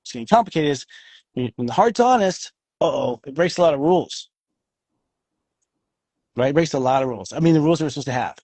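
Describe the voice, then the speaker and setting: Husky, animated man who swears freely. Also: on the high side, quick pace, pauses often, no room sound. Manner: animated, swears freely, acts out quoted voices. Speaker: astrology show co-host. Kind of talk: casual chat.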